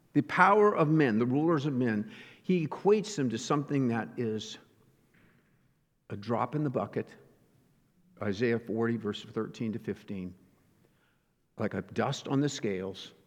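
A man preaching a sermon, teaching earnestly and asking rhetorical questions. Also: fairly high pitch. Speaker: pastor. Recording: reverberant hall.

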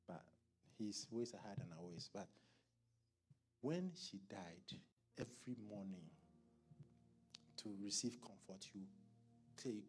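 A man preaching a sermon at a church service in a conversational style, asking the congregation questions and clearing his throat. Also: lowish voice, moderate pace, pauses often, a bit bright, soft background music. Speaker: pastor.

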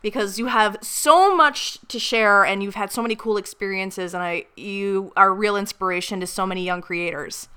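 Bright, smooth-voiced woman podcast host. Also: mid-range voice, moderate pace, few pauses. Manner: upbeat, enthusiastic, easily amused. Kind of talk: casual podcast chat.

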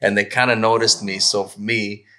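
Male podcast guest with a bright voice; animated, laughing storyteller. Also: on the low side, moderate pace. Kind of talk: casual podcast chat.

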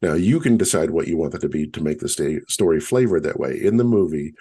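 A man co-hosting a podcast, explaining a story in a measured, storytelling way in casual conversation. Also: extremely low pitch, lively intonation, dark tone, slightly rough. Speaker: podcast co-host.

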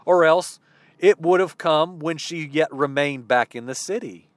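A man preaching a sermon, telling a story slowly and dramatically and acting out the dialogue. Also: on the high side.

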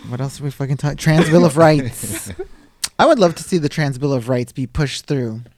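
A man's voice: medium pitch, a little fast, a little mellow, no room sound. A man hosting a casual podcast chat, laughing often and reading news items aloud from a studio. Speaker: podcast host. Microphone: studio microphone.

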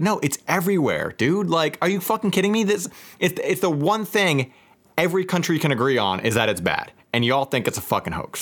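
A man's voice: on the high side, lively intonation, normal speed, fairly bright tone. A man in casual chat, ranting in exasperation with constant swearing.

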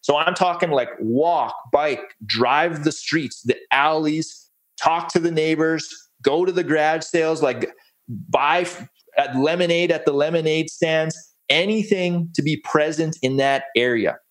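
A man's voice: on the high side, measured pace. A man presenting a real estate case study on a webinar, upbeat and folksy, walking through steps. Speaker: guest presenter.

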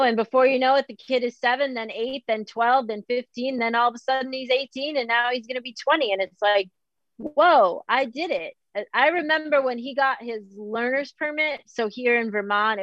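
A middle-aged woman from Boston, talking candidly in a slightly high voice. She is animated and self-deprecating and keeps quoting her own past thoughts. The sound is dry and a little dull. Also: fairly quick, no room sound. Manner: animated, self-deprecating, quotes herself often. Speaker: podcast guest. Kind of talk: candid conversational chat.

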